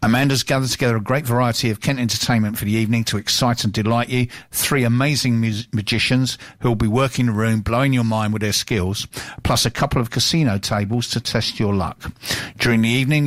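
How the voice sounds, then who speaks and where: A man's voice: medium pitch, brisk, a bit bright, no echo. A man presenting on local radio, chatting casually and reading out event listings in an upbeat way.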